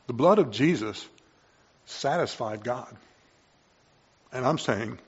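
A man preaching a sermon, moving between quiet reflection and loud, excited exclamations. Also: medium pitch, slow pace, husky, muffled recording. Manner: impassioned, swings from quiet to loud.

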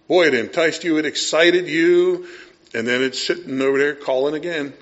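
A middle-aged male pastor preaching a sermon, acting out scenes and voices, dropping to a hush and then rising loud. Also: a little high, moderate pace, dull audio.

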